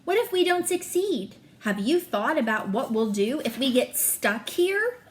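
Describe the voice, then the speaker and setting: Anxious young boy voiced by a woman reader, storybook twin, fretful and quick to argue, pitched a touch high. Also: sing-song. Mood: worried. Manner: worried, argumentative.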